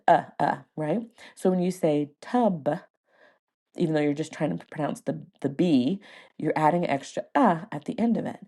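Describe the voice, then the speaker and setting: A woman hosting a casual podcast, spinning a story from her classroom. Her voice sits a bit low and mellow, and she laughs often as she acts out the words she teaches. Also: creaky. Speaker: podcast host and first-grade teacher.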